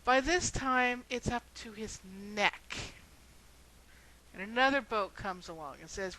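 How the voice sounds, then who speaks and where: A woman's voice: medium pitch, expressive, takes it slowly, pushed and bright, slight background noise, poor audio. A woman video blogger telling a story and then making an earnest, rhetorical argument.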